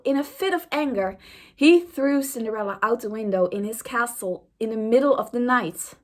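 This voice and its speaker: A young woman and YouTuber reading an AI-written story aloud in a casual, amused way. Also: a little high.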